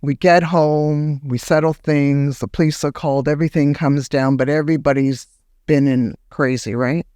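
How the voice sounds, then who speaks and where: Woman guest, animated storyteller, dry recording. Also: smooth, dry recording. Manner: animated, acts out remembered words in a higher voice; halting restarts when recounting. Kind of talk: personal storytelling in a podcast interview.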